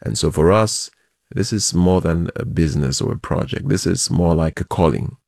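A man, a project founder giving measured, expansive interview answers. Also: low-pitched, vocal fry, darkish tone, no room sound, studio quality.

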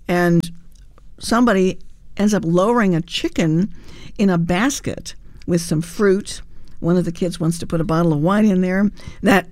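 A woman's voice: on the low side, no echo, studio quality. A woman hosting a morning classical music radio show, telling a chatty anecdote with light humor. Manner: warm conversational storytelling with light humor. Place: radio studio. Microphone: studio microphone.

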